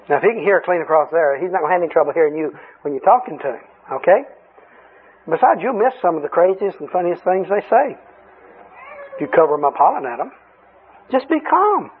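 A man preaching a sermon, telling folksy stories with frequent chuckles, in a husky voice. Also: on the high side. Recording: tinny lo-fi radio broadcast.

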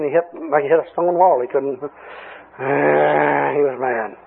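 Folksy husky-voiced preacher on tinny radio. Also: male voice, fairly high pitch, fairly even intonation, a little slow. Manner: folksy storytelling with chuckles. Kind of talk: sermon.

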